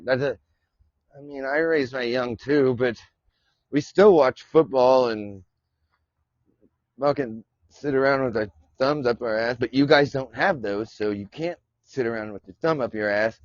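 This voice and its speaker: A man's voice: mid-range voice, a little slow, dry recording. A male podcast host chatting casually on a live stream, rambling, cursing and laughing often as he talks. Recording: dull lo-fi sound.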